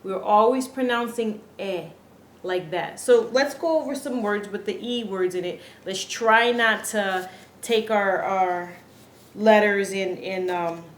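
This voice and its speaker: Slow, careful woman teaching pronunciation. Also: mid-range voice. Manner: slow, deliberate, repeats words carefully. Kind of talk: slow instructional lesson. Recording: echoey room, faint ambience.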